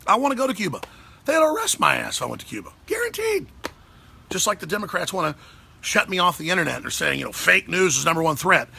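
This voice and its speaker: A man hosting a talk show, delivering a heated, sarcastic political rant with big swings in pitch and pace. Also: big pitch swings, quick pace, vocal fry, sharp tone, husky.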